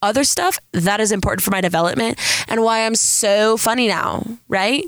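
A young San Diego woman hosts a casual solo podcast in a Valley girl-sounding voice, rambling and poking fun at herself. Her pitch is medium and her pace moderate, recorded in studio quality with no echo.

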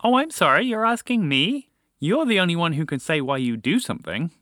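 A man's voice: fairly high pitch, sing-song, brisk, pushed and bright, dry recording, studio quality, voice pushed up. A man voicing a small, impatient chocolate lab dog who talks in a judgmental, exasperated, condescending way in a storybook tale. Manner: judgmental, exasperated, matter-of-fact.

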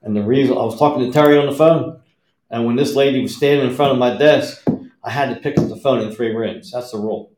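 A man's voice: mid-range voice, quick pace, background noise. A man telling plainspoken stories from his working years in casual podcast chat. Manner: plainspoken, tells stories with quoted dialogue. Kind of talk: casual storytelling. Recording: roomy echo.

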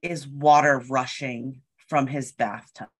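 A woman's voice: a bass voice, fairly even intonation, takes it slowly, breathy edge. A woman telling a story in casual chat, acting out what people said and swearing freely.

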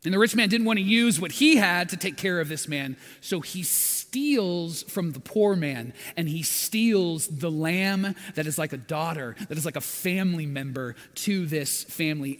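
High-voiced male preacher in a reverberant hall. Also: fairly bright tone. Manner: dramatic storytelling, acting out quotes with swings in volume. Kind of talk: sermon.

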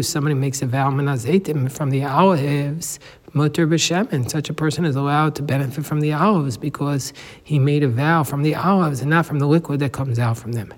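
A man giving a daily Talmud lesson, explaining step by step and weaving Hebrew and Aramaic terms into his English. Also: fairly high pitch. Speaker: Talmud teacher. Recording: long hall reverb.

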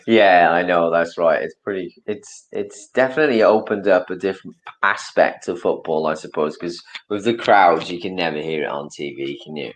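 Deep-voiced man chatting. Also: moderate pace, hardly any pauses, low-quality recording. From Wales. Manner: rambling, self-correcting, chuckly. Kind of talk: casual chat.

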